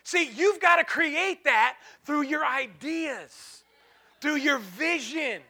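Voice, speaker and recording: A male pastor preaching an impassioned sermon in a church, dropping to a hush and then breaking into shouts, with repeated call-and-response lines. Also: extremely high pitch, expressive, slow. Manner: repetitive call-and-response phrasing.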